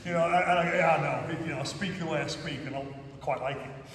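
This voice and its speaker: A man's voice: a little high, fast, a bit bright, a little hiss or hum. A man with a Cumbrian accent teaching a karate class, talking in a chatty way and often checking in with his students. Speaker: karate instructor. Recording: echoey hall from far off.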